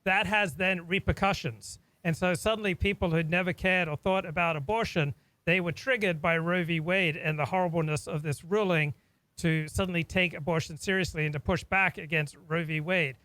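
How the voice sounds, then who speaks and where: A man's voice: sits high, fairly even intonation, moderate pace, bright, forceful tone, no echo, low-quality recording. A man from Australia hosting a talk, speaking in an earnest, reflective way and often repeating words as he thinks. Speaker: host. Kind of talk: casual discussion.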